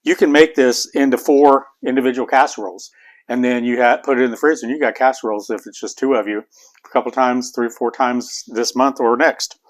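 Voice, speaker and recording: A man's voice: medium pitch, fairly even intonation, brisk. Man, Appalachian accent, middle-aged, folksy and chatty, cooking vlog host, home kitchen. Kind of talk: casual cooking vlog talk.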